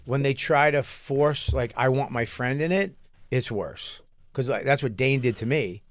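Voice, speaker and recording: A man's voice: mid-range voice, unhurried, no echo, studio quality. A man co-hosting a podcast, telling crude, self-deprecating stories in casual comedic chat. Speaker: podcast co-host.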